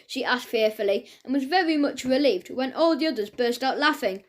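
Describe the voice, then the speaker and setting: A woman's voice: sits high, expressive, moderate pace, few pauses. A woman narrating a children's audiobook, reading aloud and voicing each character's lines.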